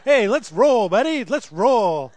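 A man's voice: extremely high pitch, very animated, takes it slowly, a little mellow, no echo, full character voice. A man imitating a chanting two-year-old boy. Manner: repetitive sing-song chanting.

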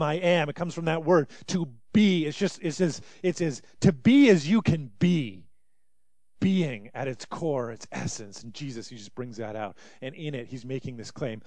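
High-voiced, emphatic male preacher. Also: normal speed, a little mellow, no echo. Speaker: pastor. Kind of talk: sermon.

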